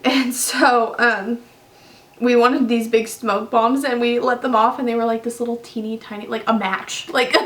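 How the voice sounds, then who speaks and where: A young woman tells her year's story to the camera in a loose, rambling way, with ums and little self-corrections. Her voice sits slightly high for a woman. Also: fairly even intonation, moderate pace, a bit bright. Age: young adult. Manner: chatty, rambling, many fillers and restarts. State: tearful at times. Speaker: vlogger.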